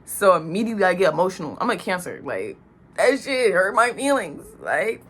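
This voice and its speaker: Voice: mid-range voice, sing-song, moderate pace, fairly bright tone. Young adult, casual storytime vlog, slangy and profane, recorded on a phone, faint background hiss. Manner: slangy and profane, acts out quoted lines.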